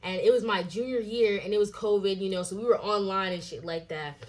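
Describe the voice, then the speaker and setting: A young adult woman telling a personal story in a casual vlog, animated and full of fillers and swearing. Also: mid-range voice, a little fast. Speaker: vlogger.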